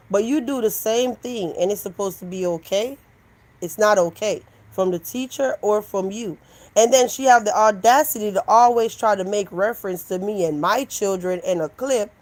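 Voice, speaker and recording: Over poor audio, a woman from Jamaica hosts a live stream, chatting with viewers and replying to their messages at a moderate pace in a mid-range voice. She's lively, answers chat back, and switches into mocking impressions.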